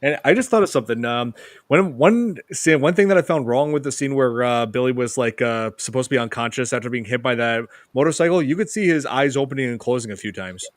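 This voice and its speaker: A man's voice: medium pitch, brisk, no echo, clean studio sound. A man hosting a casual horror film podcast, rambling with many fillers. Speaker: podcast host.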